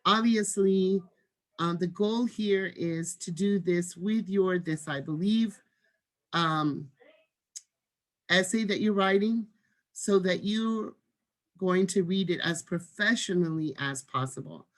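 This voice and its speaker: Woman teacher, lowish voice, unhurried, deliberate online lesson delivery. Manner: measured, demonstrates reading with marked pauses. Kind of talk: online lesson on reading aloud.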